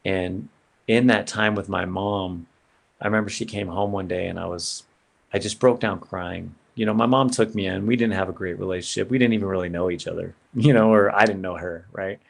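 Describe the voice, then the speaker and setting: A man's voice: sits low, steady tone, a little fast, creaky. A man sharing an earnest personal story as a podcast guest, in a casual way with lots of "man" and "bro".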